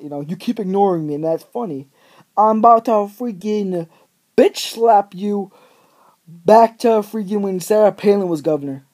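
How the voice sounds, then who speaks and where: A man's voice: on the high side, darkish tone. A teenage guy vlogging, ranting in an exaggerated, rambling way with lots of fillers. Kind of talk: ranting vlog monologue.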